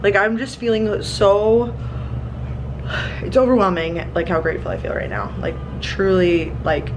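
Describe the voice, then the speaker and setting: A woman's voice: medium pitch, normal speed, over music, low-quality recording. Chatty young woman vlogging to camera. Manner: chatty, lots of likes, easily excited. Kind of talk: casual chat to camera. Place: apartment and hotel room, indoors.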